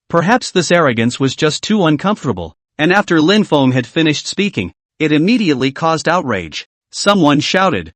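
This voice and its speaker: A man giving scripted narration of a comic recap in a steady dramatic storytelling manner. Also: fairly high pitch, normal speed, hardly any pauses, dry recording.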